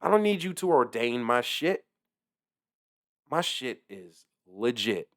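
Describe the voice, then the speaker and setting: Delivery guy venting to camera, cussing a lot, goes from mumbling to yelling, mid-pitch voice, super dry sound. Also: big pitch swings, takes it slowly, no room sound. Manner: heated, profane and swearing, jumping between muttering and outbursts. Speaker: delivery driver. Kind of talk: casual profane rant to camera.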